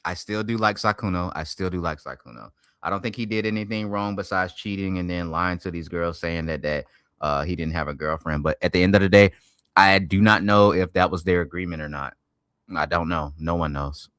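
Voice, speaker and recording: A man streaming and reacting to a video, talking loudly in profane slang and swinging between hype and mumbles. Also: low voice, fairly quick, clear, resonant tone, dry recording, studio quality. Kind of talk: casual reaction stream chat.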